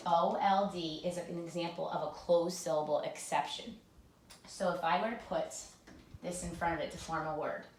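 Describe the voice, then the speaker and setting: Slow, deliberate woman teaching phonics. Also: fairly low pitch, distant mic. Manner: slow, clear letter-by-letter spelling and drilling. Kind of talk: phonics lesson for children. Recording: echoey room with faint noise.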